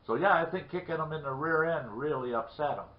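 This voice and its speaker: A tipsy old backwoodsman, as a storyteller puts him on, talking in a higher, louder drawl than the teller's own voice. He sounds shaken up and boastful at once. The recording is roomy and a bit dull, like lo-fi audio. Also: fairly quick, natural voice. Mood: rattled.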